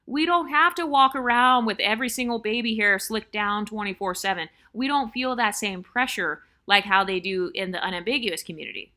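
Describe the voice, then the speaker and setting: A woman's voice: mid-range voice, fairly quick, few pauses, bright, forceful tone. A woman vlogger giving blunt, opinionated commentary on online comments, repeating her points for emphasis.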